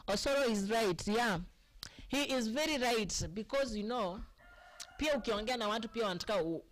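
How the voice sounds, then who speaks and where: A woman with a Kenyan accent hosting a casual live stream, chatting with viewers by name and often asking "eh?". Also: fairly high pitch. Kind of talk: casual live chat mixing English and Swahili.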